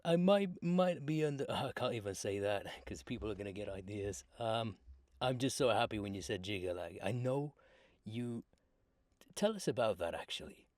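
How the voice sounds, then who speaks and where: A man interviewing a guest, asking excited, rambling questions. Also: lowish voice, normal speed, no room sound, clean studio sound. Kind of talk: casual interview.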